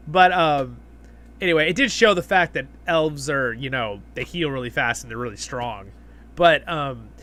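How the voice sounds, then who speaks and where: A man's voice: a little high, bright, forceful tone. A man hosting a live stream, chatting casually and reading viewer comments aloud, rambling with fillers and restarts. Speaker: livestream host.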